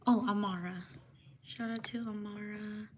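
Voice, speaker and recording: A woman hosting a casual livestream, giving slow, unhurried shout-outs and apologizing for mispronouncing names. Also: medium pitch, fairly even intonation, slight background noise. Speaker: livestream host.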